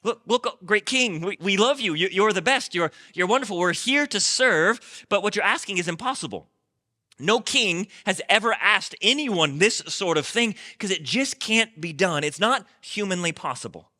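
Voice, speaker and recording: A man preaching who voices nervous royal advisers pleading with a king in flattering, stammering words. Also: sits high, normal speed, big-room sound, voice pushed up, heavily acted. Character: panicking male royal advisers, fawning and nervous.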